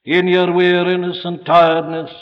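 A fervent male preacher with a fairly high, level voice speaks at normal speed, swinging dramatically from loud appeals to near-whispered, old-fashioned scripture quotes. His sermon rings through a large hall with long reverb, captured on a dull, lo-fi recording like an old tape.

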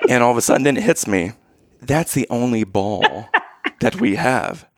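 A man telling a story in casual chat, animated, and often checking in with "okay?" and "right?". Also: mid-range voice, normal speed, dry recording. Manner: acts out quoted lines in raised voice.

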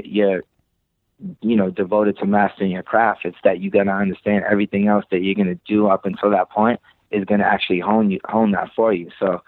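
A man's voice: lowish voice, dry recording. Laid-back Boston man on a tinny line. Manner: loose, rambling, swears casually. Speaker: podcast guest, creative director. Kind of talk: casual podcast chat. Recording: tinny phone-like, dry sound.

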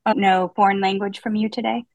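A woman's voice: mid-range voice, little pitch movement, a little fast, creaky, no room sound, low-quality recording. A woman hosting a book podcast, reading a prepared intro and leading the chat with dry, self-mocking humor. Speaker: podcast host. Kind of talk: casual book-club chat with scripted intro.

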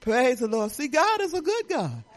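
Lively older woman pastor preaching. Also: high voice, moderate pace. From Detroit, Michigan. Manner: folksy, animated preaching with laughing asides; talks straight to the congregation. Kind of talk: sermon.

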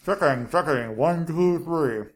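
A man's voice: on the high side, expressive, measured pace. A man co-hosting a casual science podcast, joking loosely and trailing off mid-sentence. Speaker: podcast co-host. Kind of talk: casual chat.

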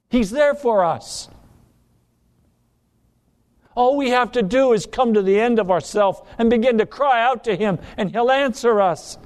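Animated, high-voiced preacher man. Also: measured pace. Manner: dramatic, emphatic, with acted-out pleas. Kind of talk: sermon.

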